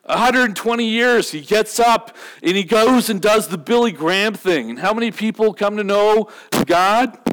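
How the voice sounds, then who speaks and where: A high-voiced male pastor gives a sermon in a loose, chatty style. He jokes with the congregation and keeps asking rhetorical questions. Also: moderate pace, fairly bright tone, rough recording. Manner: conversational, humorous, rhetorical questions.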